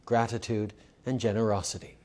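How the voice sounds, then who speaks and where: A man's voice: on the low side, little pitch movement, mellow. Earnest man giving a formal address. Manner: measured, earnest. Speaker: politician.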